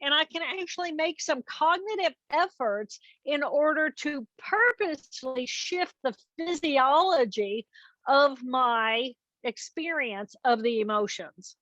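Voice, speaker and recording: Woman interview guest, high and crisp, dull lo-fi call audio, teacherly and earnest. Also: expressive, takes it slowly, fairly bright tone, dry recording. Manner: earnest, teaching with step-by-step examples. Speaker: guest expert, neuroanatomist. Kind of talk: explanatory interview talk.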